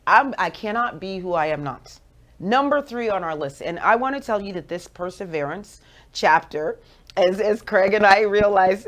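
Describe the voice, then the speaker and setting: A woman in her forties with a Jamaican accent, hosting a radio show with playful, animated motivational talk. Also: mid-range voice, creaky. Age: 40s.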